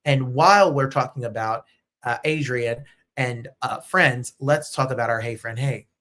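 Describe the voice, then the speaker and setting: Man, show host, casual chat, excitable, topic-hopping, mid pitch. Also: unhurried. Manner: chatty, excitable, jumps between topics. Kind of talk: casual live-stream chat.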